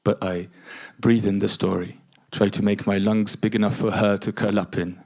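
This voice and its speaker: A middle-aged man with a fairly low voice performs spoken word poetry before a conference audience. His introductions are hesitant and chatty, and his reading is measured. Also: level tone, gravelly, a little mellow.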